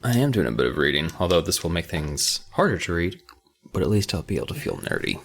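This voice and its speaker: Animated low-voiced man reading aloud. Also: quick pace. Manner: animated, jokey. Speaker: podcast co-host. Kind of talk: casual chat and reading a book aloud.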